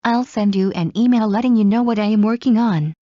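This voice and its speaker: A woman reading common English phrases aloud one by one in a clear, measured way, as in a language lesson. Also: mid-range voice, warm tone, no room sound. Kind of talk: slow read-aloud phrase drills. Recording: dull lo-fi recording.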